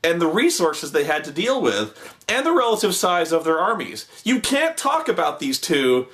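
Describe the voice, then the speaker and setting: A man's voice: on the high side, big pitch swings, normal speed, fairly bright tone. A man ranting sarcastically about a TV show, swearing a lot and mocking the people on it in exaggerated voices. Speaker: host reviewing a TV show. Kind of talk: ranting commentary.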